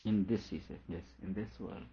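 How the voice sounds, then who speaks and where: Male teacher, low voice, reads a text and explains it, muffled recording. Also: steady tone, fairly quick, vocal fry, dark tone. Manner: reads a passage aloud, then comments on it with small laughs. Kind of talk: reading and explaining a philosophical text.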